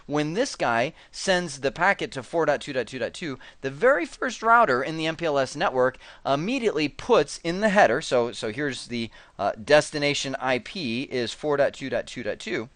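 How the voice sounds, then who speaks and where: A man teaching networking at a whiteboard, animated and chatty, acting out devices in quoted voices as he explains. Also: a little high, no echo. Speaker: networking instructor. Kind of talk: whiteboard technical lecture.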